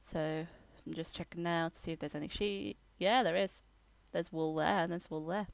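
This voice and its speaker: Low gravelly woman narrating a game tour. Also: steady tone, dry recording. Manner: rambling, halting, with fillers and restarts. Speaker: gamer giving a tour. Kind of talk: casual game voiceover.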